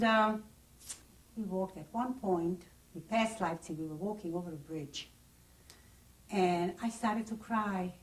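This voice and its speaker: A woman's voice: medium pitch, distant mic, poor audio. An older woman giving oral history testimony, recounting her memories in plain, vivid first-person detail. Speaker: interviewee. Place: private home.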